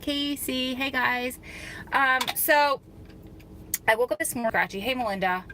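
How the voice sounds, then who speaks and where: A woman live-streams from her parked car, talking casually and greeting viewers by name. Her voice is bright and forward, with a slightly scratchy throat. A faint hum of noise sits behind her. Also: sits high, a little slow. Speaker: vlogger hosting a live stream. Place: parked car in a parking lot.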